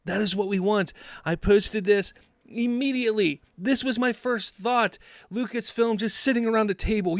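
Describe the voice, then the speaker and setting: A man's voice: sits high, normal speed, no room sound, studio quality. A man hosting an opinionated commentary show, talking in an emphatic, sarcastic, mocking way. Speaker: host.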